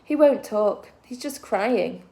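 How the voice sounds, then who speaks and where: A woman reading aloud and voicing a gentle, nervous young girl with a soft, timid way of talking. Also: medium pitch, lively intonation, slow pace, vocal fry.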